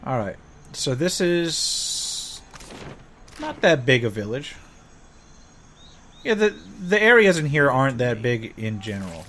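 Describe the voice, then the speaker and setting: A man's voice: mid-range voice, very animated, slow pace, pauses often, fairly bright tone, slight background noise. Laid-back man commenting on a game. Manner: laid-back, thinks aloud with fillers. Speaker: let's play host. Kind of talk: casual gameplay commentary, reading game text aloud. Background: game music.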